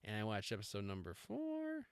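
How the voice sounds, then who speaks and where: A man's voice: on the low side, huge pitch swings, moderate pace, clear, resonant tone, no room sound. A middle-aged man hosting a podcast, talking in a rambling, self-interrupting, jokey way. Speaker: podcast host. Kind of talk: casual rambling monologue.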